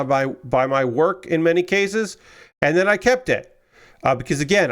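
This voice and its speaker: A man's voice: mid-range voice, a bit bright. A man hosting a model kit build stream, chatting casually and tiredly, rambling with lots of fillers and the odd swear word. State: tired and yawning. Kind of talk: casual chat while building.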